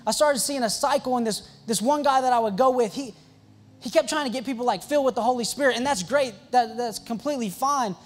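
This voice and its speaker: Young male youth pastor, very high voice, excitable storyteller with quick jokes. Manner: excitable and joking, with quick asides and restarts. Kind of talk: storytelling sermon.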